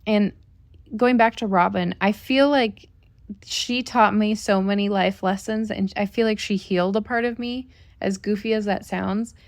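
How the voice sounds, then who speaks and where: A woman's voice: medium pitch, fairly even intonation, a little slow, no room sound. A woman co-hosting a family podcast, telling a personal story in an earnest, reflective way. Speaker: podcast co-host. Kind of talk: casual storytelling chat.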